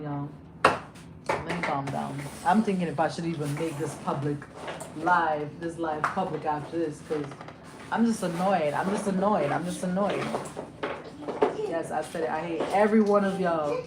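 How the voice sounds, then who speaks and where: A young woman with a fairly low voice rants on a livestream, heated and profane, hammering the same lines again and again. She flares into loud outbursts, then sinks back into low, muttered asides. A steady hiss of background noise sits under her phone-mic audio. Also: normal speed. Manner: heated, profane, repeats herself for emphasis. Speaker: livestream host. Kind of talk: emotional livestream rant. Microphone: phone or webcam on a livestream.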